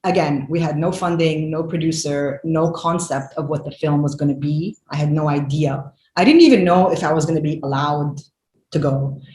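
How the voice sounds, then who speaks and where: A woman in her forties, a filmmaker guest, talks in an animated, emphatic way, with many fillers and restarts. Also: sits low, moderate pace. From Lebanon. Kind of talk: conversational interview. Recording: echoey room with faint noise.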